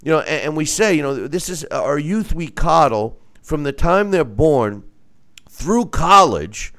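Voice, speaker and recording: A middle-aged man hosting a casual talk show, animated and quick to act out other people's voices. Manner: animated, acts out quoted voices in mock falsetto.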